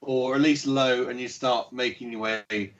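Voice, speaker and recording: A man's voice: medium pitch, steady tone, normal speed. A man running a tabletop game as dungeon master, describing scenes with many fillers and chuckles. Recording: muffled lo-fi stream audio.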